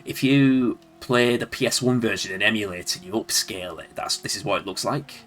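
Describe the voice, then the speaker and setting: A Leeds man with a Yorkshire accent streams old games, rambling, chuckling and talking to himself as he plays in casual live commentary. His voice is lowish and fairly bright, his pace brisk, with slight background noise.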